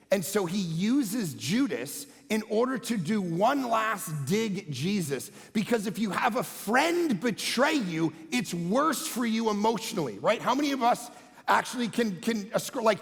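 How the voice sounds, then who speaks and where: High, gravelly-voiced man preaching a sermon. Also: moderate pace. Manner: energetic and conversational, swings from loud emphatic bursts to quiet low asides. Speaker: pastor. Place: church auditorium. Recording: long hall reverb.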